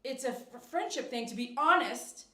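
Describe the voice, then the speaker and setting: A woman with a high voice hosts a casual livestream from her grooming shop. She reads viewer comments aloud and chats with them, now and then breaking into excited cheers. The room around her is echoey. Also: normal speed. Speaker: dog groomer and livestream host.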